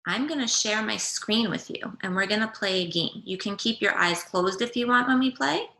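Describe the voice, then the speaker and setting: A woman teacher reading a picture book aloud to young children over a video call, gently asking them questions as she goes. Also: mid-range voice, moderate pace, vocal fry. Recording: echoey room.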